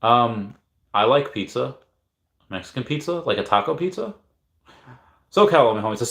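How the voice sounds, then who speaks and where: In an echoey room, a livestream host in his thirties rambles through casual chat, reading the chat aloud while hesitating and frequently starting sentences over. His mid-range voice is expressive, creaky and a bit bright, moving at a moderate pace with frequent pauses.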